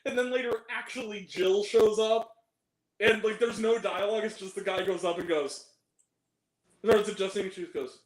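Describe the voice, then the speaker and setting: A man hosting a casual chat about movies, animated and laughing often, acting out quoted lines. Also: high voice, normal speed, echoey room, rough recording. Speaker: channel host.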